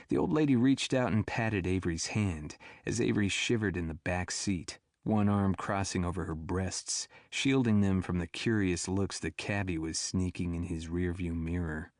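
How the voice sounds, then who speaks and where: A man narrating an audiobook thriller in a steady, even storytelling manner. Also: low voice, normal speed, hardly any pauses, no room sound, clean studio sound. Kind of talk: scripted narration.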